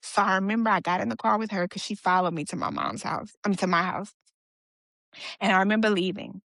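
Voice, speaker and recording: A woman's voice: mid-range voice, fairly even intonation, fast talker, a bit bright, dry recording. Woman retelling her story, dry close sound. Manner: conversational, retelling events with quoted dialogue and fillers. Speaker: guest sharing her story. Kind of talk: personal storytelling in a podcast interview.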